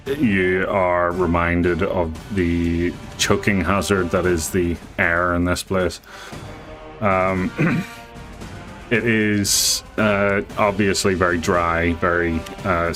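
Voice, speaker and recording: Slow, low-voiced man running a tabletop game. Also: a bit bright. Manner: halting, with many fillers and restarts. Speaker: game master. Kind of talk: narrating a live tabletop game.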